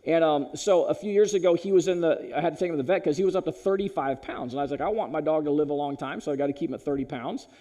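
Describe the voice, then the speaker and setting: A high-voiced man speaking at a school chapel service. He is animated, dropping to hushed tones for heavy points and rising to loud, punchy bursts. He speaks directly to his listeners. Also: very fast, hardly any pauses. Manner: animated, swinging from loud punchy lines to low hushed ones; addresses listeners directly as "you guys".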